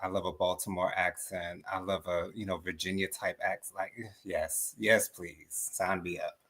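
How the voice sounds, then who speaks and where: Playful flamboyant man, low voice. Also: flat delivery, normal speed, pushed and bright, slightly rough. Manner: flamboyant, playful, says girl and honey. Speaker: co-host. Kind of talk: casual chat.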